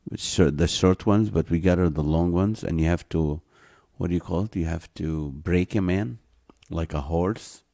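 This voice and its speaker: A man's voice: low-pitched, creaky, mellow. A man hosting a live online show, reading viewer comments aloud and chuckling often.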